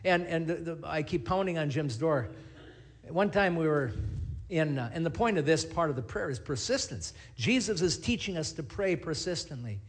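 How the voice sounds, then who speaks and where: Animated storytelling male pastor. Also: on the high side, moderate pace. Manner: storytelling, animated, acts out scenes. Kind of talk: sermon.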